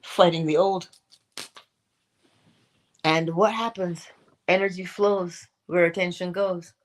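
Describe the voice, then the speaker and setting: Animated, questioning woman giving motivational talk. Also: on the low side, slow pace. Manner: animated, questioning, talks to herself in playful asides. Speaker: inspirational livestream host.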